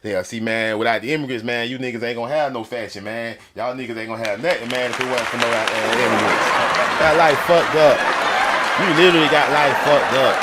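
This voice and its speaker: A man tears into a loud, mocking, profane rant, laughing through his own jokes. His voice sits in an ordinary middle range. Chatter and steady noise fill the background. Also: medium pitch, a little fast. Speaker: vlogger. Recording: crowd chatter and noise behind.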